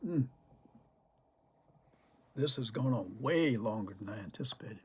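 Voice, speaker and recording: A man's voice: medium pitch, expressive, a little slow, darkish tone, husky. An older man chatting to camera about cigars and telling stories from his childhood, chuckling often as he talks. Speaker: cigar vlogger. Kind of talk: casual storytelling to camera.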